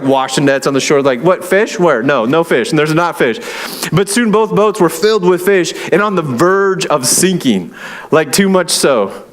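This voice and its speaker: A young adult man preaching a sermon in a conversational way, with many fillers and playful acted-out quotes. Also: a little high. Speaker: pastor.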